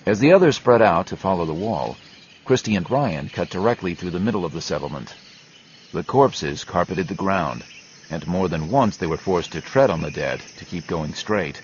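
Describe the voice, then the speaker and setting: A man narrating a grim adventure novel in a steady storytelling manner. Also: deep voice, normal speed, lo-fi sound, slight background noise. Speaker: audiobook narrator. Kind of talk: scripted narration.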